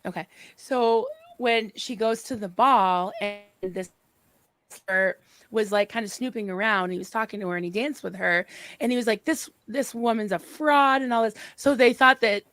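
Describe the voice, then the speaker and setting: A woman's voice: mid-range voice, moderate pace, fairly bright tone. A woman co-hosting a casual live-stream chat, telling stories in a chatty way. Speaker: co-host.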